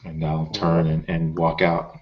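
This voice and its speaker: A man's voice: a bass voice, completely flat delivery, unhurried. A middle-aged man playing a tabletop role-playing game, hesitant with many fillers. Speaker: player. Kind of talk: tabletop role-play, in and out of character. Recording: slightly muffled lo-fi recording.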